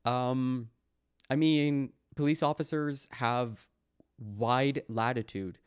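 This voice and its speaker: A man's voice: medium pitch, lively intonation, moderate pace, darkish tone. A man with a mid-range voice hosts a loose live stream, reading posts aloud and answering them with dry sarcasm. He talks straight to his chat in a casual, mocking tone. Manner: reads posts aloud, then mocks them.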